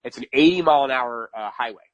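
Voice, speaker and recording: A man's voice: mid-range voice, fast talker, no echo, lo-fi sound. A man from New York, a podcast guest, telling a casual story with lots of repetition for emphasis and laughing at his own mishaps.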